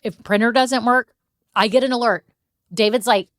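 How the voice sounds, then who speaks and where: A woman's voice: on the high side, fairly even intonation, moderate pace, fairly bright tone, no room sound. Dry-voiced, chatty middle-aged woman coach. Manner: direct, chatty, encouraging. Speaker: podcast host and business coach. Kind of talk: solo coaching podcast talk.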